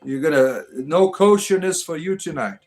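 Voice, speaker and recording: A man's voice: on the high side, normal speed. Rambling man chatting to his stream. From Detroit, Michigan. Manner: rambling, hesitant, many fillers and restarts; reads viewer comments aloud and answers them. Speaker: livestream host reading chat. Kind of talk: casual livestream chat.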